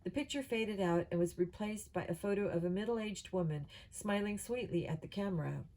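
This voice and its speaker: A woman reading a children's novel aloud at a steady pace, with small slips and restarts. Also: mid-range voice, a little fast, rough recording. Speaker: audiobook reader.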